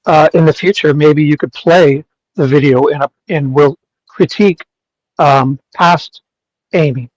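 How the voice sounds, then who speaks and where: A man co-hosting a casual chat, bantering in a dry, deadpan way. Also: a little high, a little slow, dry recording, highs cut off.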